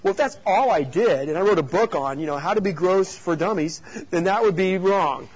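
Storytelling man with a husky voice. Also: high voice, brisk, muffled recording. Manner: storytelling, animated and jokey, with rhetorical questions. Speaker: youth pastor. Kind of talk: teaching talk to youth leaders.

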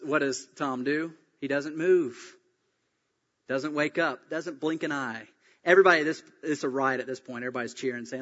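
A man delivers a sermon as pastor, retelling scripture and an anecdote with animated, acted-out voices. His voice sits a little high, and the recording is dull, with a long reverb trailing off in a large hall. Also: normal speed. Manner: animated storytelling, acts out quoted voices.

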